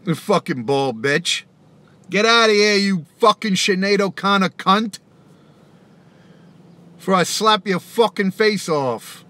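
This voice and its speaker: A man's voice: sits high, animated, slow, long pauses, pushed and bright. A man who raps, hosting a casual live stream and ranting back at viewers' comments, profane and taunting, laughing often. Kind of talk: casual live-stream rant answering chat.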